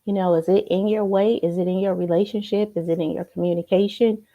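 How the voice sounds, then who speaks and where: A woman's voice: medium pitch, steady tone, brisk, muffled recording. A woman giving a motivational coaching talk to a computer camera, emphatic and checking in often with tag questions. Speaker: life coach.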